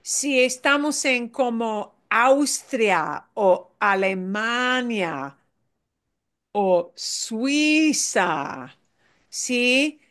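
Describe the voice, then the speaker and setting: A woman teaching Spanish at an unhurried pace, switching between English explanations and Spanish examples. She drills words by saying them again and again, patient and steady. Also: fairly high pitch. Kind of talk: online language class.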